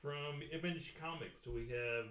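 A man's voice: on the high side, measured pace, a bit bright, roomy sound. A man co-hosting a comics podcast, casual, with dry, polite quips. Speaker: podcast co-host.

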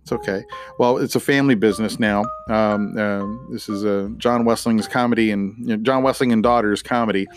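A man's voice: on the low side, fairly even intonation, a little fast, faint music behind. A middle-aged man hosting a podcast, wrapping up in a casual, rambling way with lots of fillers and playful rhymes. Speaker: podcast host.

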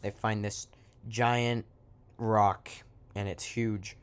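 A man's voice: lowish voice, level tone, drawn-out words, smooth. A man improvising a silly story in an offhand, joking way, breaking off into asides.

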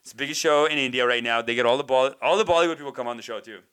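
Bright, animated male comedian. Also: medium pitch, racing, clean tone. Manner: animated, riffing, slangy. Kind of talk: stand-up comedy bit.

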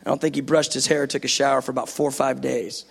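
A middle-aged man preaching a sermon, impassioned, building to loud repeated phrases and then dropping to a hush. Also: medium pitch, little pitch movement, fast talker, vocal fry, husky, long reverb tail.

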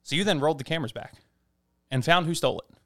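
A man's voice: on the high side, racing, a bit bright. A man in casual podcast chat, retelling a story about a former workplace.

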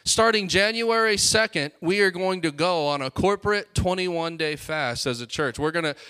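A male pastor preaching an energetic sermon to his congregation, with quick asides to the crowd. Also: high-pitched, smooth. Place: church sanctuary.

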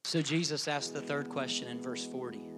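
A middle-aged man preaching a sermon as pastor, acting out the voices in the story and swinging from loud, pressing lines to hushed whispers. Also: mid-range voice, moderate pace, loud music behind the voice. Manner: dramatic, swings from loud shouting to hushed whispers, acts out quotes.

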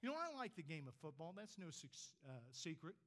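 An older man in his sixties delivers a sermon from the front of a church. His voice sits a little high for a man. He pushes up on his points, then drops low and quiet to land the important words. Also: sing-song, fast. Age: 60s. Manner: swings between emphatic rises and quiet, low drops on key words. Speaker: preacher.

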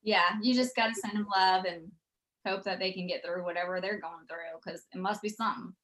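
A woman, telling stories as a podcast guest in a chatty, animated way. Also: on the low side, fairly quick. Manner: chatty, animated, quotes people in acted voices. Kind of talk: casual storytelling.

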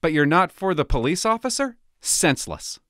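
A middle-aged man rants in a sarcastic, exasperated way, and his voice leaps up and down as he mocks what he reads. He sits a little higher than most men and sounds close and dry, with no room around him. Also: sing-song, moderate pace, sharp tone, no room sound. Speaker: former police officer reacting to news. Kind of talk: opinionated commentary vlog.

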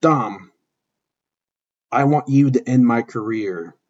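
A man voicing an aging father wrestler, speaking softly and solemnly in a husky voice, on a dull lo-fi recording. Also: mid-range voice, slow.

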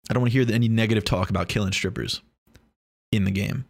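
A man's voice: lowish voice, quick pace, vocal fry, no room sound, clean studio sound. A young man talking in a casual, rambling monologue, joking and swearing freely.

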